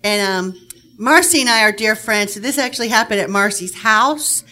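A woman's voice: medium pitch, moderate pace. A woman telling a personal story to an audience, with frequent fillers. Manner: many fillers, lively telling.

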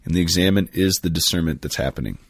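A man's voice: low-pitched, quick pace, husky, no echo, clean studio sound. A man talking candidly and with self-deprecating humor about his prayer life. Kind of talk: casual conversation about prayer.

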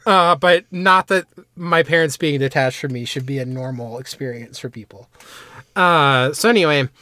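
A man talks through an anime episode on a casual podcast, stopping often for fillers and side remarks. His voice sits at an ordinary pitch and is recorded dry and close, with no room sound. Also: normal speed, pushed and bright, dry recording. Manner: rambling, filler-heavy recap with asides. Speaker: podcast host summarizing an anime. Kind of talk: casual chat.

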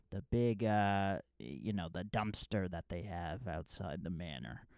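A man's voice: on the low side, slow pace, creaky, darkish tone, smooth, dry recording, clean studio sound. A man recapping a movie in a casual, rambling, jokey way with lots of fillers. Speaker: movie reviewer.

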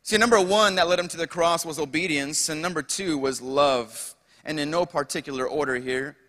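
A man's voice: fairly high pitch, normal speed, bright, forceful tone, in a large hall. A young man preaching a sermon as pastor, calling out to the congregation with asides and rhetorical questions. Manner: preaching with call-outs to the congregation.

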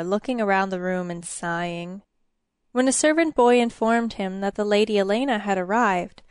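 A woman's voice: mid-range voice, smooth, dry recording. Woman narrating a fairy tale, dry close sound. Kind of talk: storybook narration.

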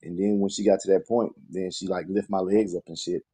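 Deep husky Southern man, low-key. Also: flat delivery, brisk, mellow. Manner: low-key, mumbled, crude slang. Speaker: podcast co-host. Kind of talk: casual storytelling chat.

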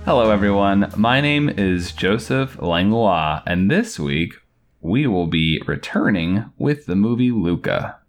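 A man's voice: on the low side, big pitch swings, measured pace, faint music behind. A man co-hosting a movie podcast, chatty and teasing in casual talk. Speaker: podcast co-host.

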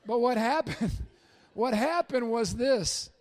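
In a church sanctuary, a middle-aged male pastor with a high-pitched voice gives a humorous, story-driven sermon at a slow pace. He shifts between loud, excited outbursts and quiet, hushed asides.

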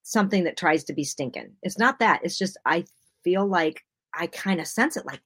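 A woman's voice: fairly low pitch, lively intonation, normal speed, a bit bright, no room sound. A woman co-hosting a casual faith-based podcast chat, earnest and encouraging, often acting out her own self-talk. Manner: earnest, encouraging, quotes herself aloud. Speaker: podcast co-host.

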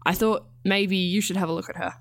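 A woman voicing a friendly, practical female caseworker, speaking warmly and matter-of-factly. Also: fairly low pitch, steady tone, brisk, no echo, lightly acted. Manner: warm, matter-of-fact.

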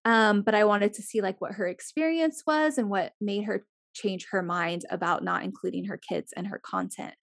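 A woman's voice: mid-range voice, moderate pace, vocal fry, hardly any pauses, no room sound. Woman co-host, casual chat, lots of filler words, blunt, dry close sound. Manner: chatty, frequent "like" fillers, blunt with swearing. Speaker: podcast co-host.

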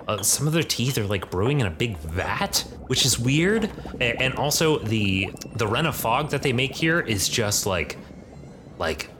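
A man's voice: fairly low pitch, pushed and bright, a little hiss or hum. Rambling man as game master. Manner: rambling, filler-heavy. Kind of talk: narrating a tabletop game.

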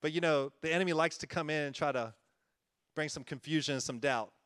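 An earnest male pastor preaching in a loose, conversational way, with a fairly high voice. He talks folksy and sincere, chuckles easily and doubles back on his words. The sound is dry and close. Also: a little fast, a bit bright, dry recording. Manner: earnest and folksy, often chuckling and repeating himself. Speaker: church-planting pastor. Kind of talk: conversational sermon.

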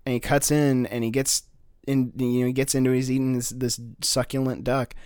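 A man brainstorming a story in casual chat, his voice at an ordinary middle pitch. He rambles with lots of fillers, swears freely and slips into characters' lines as he goes. The sound is dry and close, with no room around it. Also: little pitch movement, a little fast, darkish tone, smooth, no room sound.

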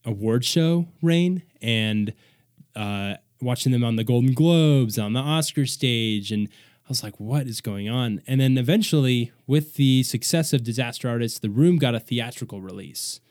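A man's voice: mid-range voice, expressive, moderate pace, darkish tone, no room sound. A young man talks through a casual podcast chat, loose and rambling, often doubling back mid-sentence. His voice sits in an ordinary middle register. The sound is dry and close, with no room around it. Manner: chatty, rambling with restarts and laughter. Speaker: podcast host.

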